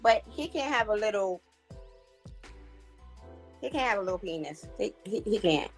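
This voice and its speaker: A woman's voice: medium pitch, lively intonation, normal speed, husky, faint music behind. A woman, a talk-show guest speaking frankly and bluntly in casual chat. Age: 40s.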